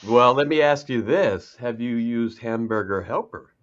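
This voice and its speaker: A middle-aged man co-hosting a radio talk show in casual chat, exclamatory and quick to laugh. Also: medium pitch. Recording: muffled lo-fi sound.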